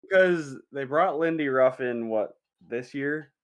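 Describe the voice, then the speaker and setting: A man's voice: medium pitch, a little slow. A man co-hosting a casual sports podcast, rambling through his points and swearing casually. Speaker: podcast co-host.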